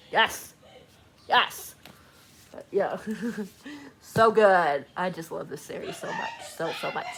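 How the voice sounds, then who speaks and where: A woman chatting casually in a book vlog, gushing and excitable, laughing often, talking from a room at home. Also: medium pitch, a little hiss or hum. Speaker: book vlogger. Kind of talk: casual reading vlog chat. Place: home room with door open.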